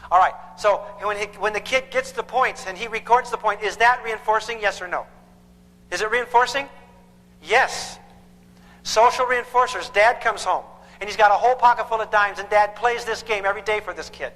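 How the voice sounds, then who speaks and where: A high-pitched, bright-toned man lecturing parents in a large room with a long, ringing reverb. He speaks emphatically and keeps checking whether his listeners follow. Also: normal speed. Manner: emphatic, quizzes the audience with repeated questions. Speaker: parenting counselor. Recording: echoey hall with long reverb.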